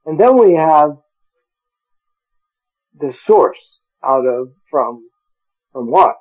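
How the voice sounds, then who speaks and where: Man, Bible teacher, slow and deliberate delivery, slightly high voice, dull lo-fi sound. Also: animated, darkish tone. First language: English. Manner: slow, deliberate, spells out Greek words, chuckles at own stumbles.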